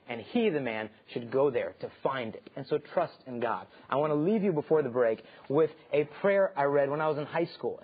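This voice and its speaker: A man in his thirties, hosting an inspirational talk show, telling lively stories and acting out the voices in them. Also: on the high side, slightly rough. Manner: animated storyteller acting out quoted voices. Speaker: host and speaker. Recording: dull lo-fi sound.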